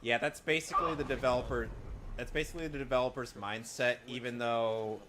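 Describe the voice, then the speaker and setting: Rambling excitable gamer guy. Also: mid-range voice, fairly quick, very noisy. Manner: excitable, rambling, lots of restarts. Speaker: let's play host. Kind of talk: casual gameplay chat.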